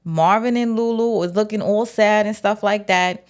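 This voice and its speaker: Woman, casual TV recap vlog, animated, acts out characters' lines. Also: mid-range voice, moderate pace, clear, resonant tone. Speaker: TV recap vlogger.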